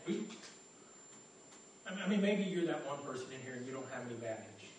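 A man's voice: mid-range voice, lively intonation, normal speed, slight background noise. A man preaching a sermon as pastor, earnest and conversational, often repeating his first words as he goes. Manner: stammering repetitions, earnest and conversational. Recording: echoey room from far off.

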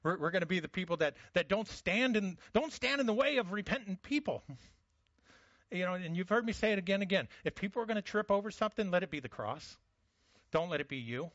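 A man's voice: sits high, lively intonation, fast, a bit bright, dry recording, dull audio. A man preaching a conversational sermon as a pastor, often restarting his words.

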